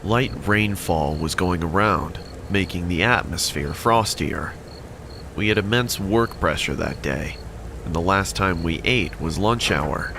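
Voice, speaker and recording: A man reads a scripted horror story in an even, measured delivery. His voice sits very low with a gravelly edge, and steady noise runs underneath. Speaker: story narrator.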